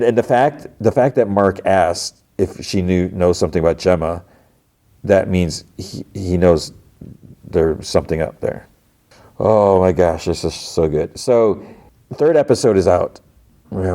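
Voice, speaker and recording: A man's voice: sits low, darkish tone. A man hosting a podcast, casually retelling TV episodes in a rambling way, full of fillers. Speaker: podcast host.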